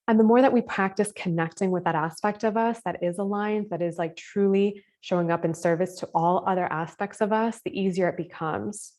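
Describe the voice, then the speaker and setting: Gentle woman teaching a spiritual class. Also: fairly low pitch, fairly even intonation, fairly quick, few pauses. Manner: gentle, casual, many "like" fillers. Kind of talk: live online masterclass.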